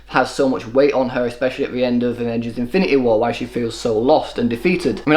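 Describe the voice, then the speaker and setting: A man giving an opinionated solo film review, running his thoughts together without pause. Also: medium pitch. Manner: opinionated, quick run-on delivery. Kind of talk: solo movie review commentary.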